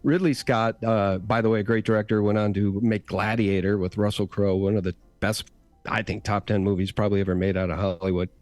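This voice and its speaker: Male guest, talkative storyteller, average pitch, dry recording. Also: steady tone, brisk, a little mellow, dry recording, faint music behind. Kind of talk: casual chat.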